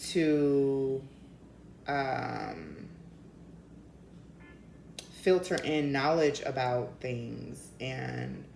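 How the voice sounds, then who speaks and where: Chatty tarot reader, woman with a slight Maryland accent; deep voice, swears freely, roomy echo. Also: a little mellow, a little hiss or hum. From Denver. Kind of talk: casual tarot reading.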